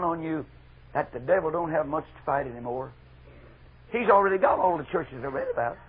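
Husky, fervent preacher man. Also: a little high, lively intonation, brisk. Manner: fervent, swinging from loud exhortation to hushed asides. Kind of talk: impassioned revival sermon. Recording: dull lo-fi archival sermon recording.

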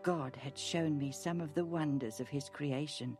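A woman narrating a Bible story gently and expressively, in a scripted storybook reading. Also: low voice, normal speed. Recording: narration over music.

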